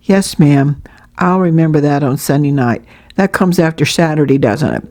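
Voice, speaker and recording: A woman's voice: sits low, normal speed, dark tone, natural voice. A woman voicing an eager little boy who runs his words together in a storybook reading. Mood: earnest.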